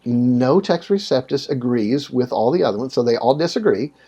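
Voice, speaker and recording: Man, mellow tone, slightly husky, animated storyteller, casual interview chat. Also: brisk. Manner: animated storytelling, frequent pitch jumps.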